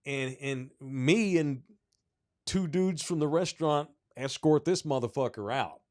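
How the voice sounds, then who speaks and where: A man co-hosting a sports podcast, telling a story in casual, animated, profane talk. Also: fairly high pitch, a little slow. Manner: animated, profane, rising when excited. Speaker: podcast co-host.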